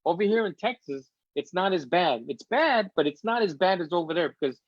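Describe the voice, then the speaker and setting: This is a middle-aged man from Chicago, a guest in a casual interview, telling a family story with emotion and acting out what people said like a chatty storyteller. His voice is high and animated, a little fast, with no room sound and the highs cut off.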